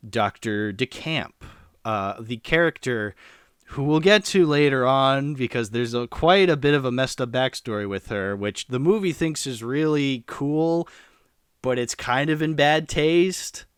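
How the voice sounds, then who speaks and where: A man's voice: mid-range voice, a little slow, clear, resonant tone, dry recording, studio quality. A man in a casual podcast chat, rambling animatedly through a film's plot with lots of fillers. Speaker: podcast co-host reviewing a film.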